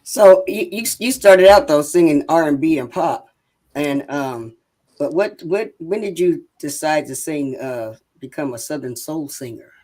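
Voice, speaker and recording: A woman hosts a casual interview and asks her questions haltingly, with some fillers. Her voice is very low for a woman. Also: dark tone. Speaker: interview host.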